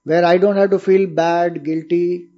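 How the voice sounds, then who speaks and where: A spiritual teacher with an Indian accent gives a discourse in a high, level voice, speaking unhurriedly on a recording with the highs cut off. He explains things patiently and asks his listeners rhetorical questions.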